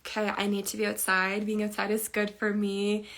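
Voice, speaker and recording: A woman's voice: medium pitch, completely flat delivery, moderate pace, fairly bright tone. A young woman sharing a personal story in a chatty, emotional way, full of fillers. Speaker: spiritual teacher.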